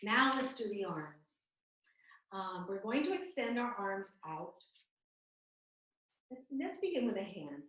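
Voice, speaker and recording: A woman guiding a yoga class over a video call, giving gentle, calm and soothing step-by-step cues. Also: medium pitch, takes it slowly, long pauses, far from the mic. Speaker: yoga instructor. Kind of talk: guided yoga class instruction. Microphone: computer mic on a video call. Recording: echoey video call audio from off-mic.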